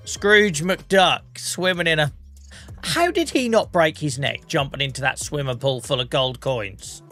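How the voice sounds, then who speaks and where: A chatty man from the UK with an English regional accent, a bit under the weather, talking on a live stream. His voice is bright and forward, with faint music playing behind him. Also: on the high side. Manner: chatty, laughs often, British slang. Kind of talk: casual live-stream chat.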